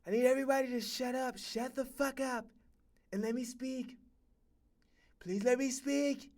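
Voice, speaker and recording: A man voicing a male event host who pleads with a crowd to be quiet and introduces a performer in a mock-formal way. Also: very high voice, fairly even intonation, moderate pace. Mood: mock pleading.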